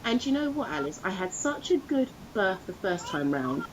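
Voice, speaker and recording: A woman's voice: medium pitch, sing-song, moderate pace, dull audio, noisy background. A woman co-hosting a podcast, telling a personal story in a casual chat and acting out the voices of others. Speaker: podcast co-host.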